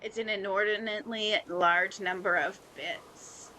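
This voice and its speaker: A woman's voice: mid-range voice, fairly even intonation, measured pace, bright, forceful tone, a little hiss or hum, rough recording. A woman streamer chatting casually while playing a game, joking and muttering at the screen. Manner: playful, jokey, muttering to the game. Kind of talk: casual gameplay chat. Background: game music.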